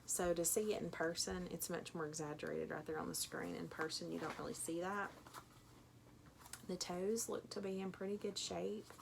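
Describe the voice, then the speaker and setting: Tennessee woman with a gravelly twang. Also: lowish voice, slight background noise. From Tennessee, USA. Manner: chatty, rambling, with many ums. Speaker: thrift reseller vlogger. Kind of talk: casual unboxing vlog. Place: home.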